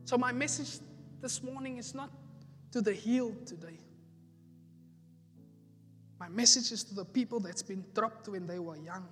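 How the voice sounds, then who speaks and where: A man's voice: sits high, moderate pace, pauses often, a bit bright. A man preaching a sermon, repeating his key phrases with rising emphasis. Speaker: pastor. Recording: echoey hall with faint music.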